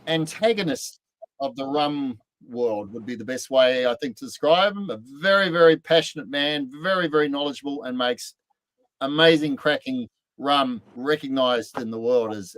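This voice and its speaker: A man co-hosting a casual chat, telling stories with animated build-ups and laughter. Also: mid-range voice, dry recording, poor audio. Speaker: podcast co-host.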